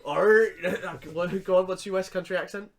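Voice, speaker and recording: A man co-hosting a podcast, telling stories with lively acted-out reactions. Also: high-pitched, moderate pace. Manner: animated storyteller, acts out his reactions. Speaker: podcast co-host. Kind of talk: casual chat.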